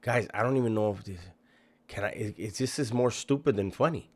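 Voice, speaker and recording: A man's voice: on the low side, a little fast. A man commenting on a video clip he is playing, mocking and incredulous, swearing freely. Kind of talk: reaction commentary.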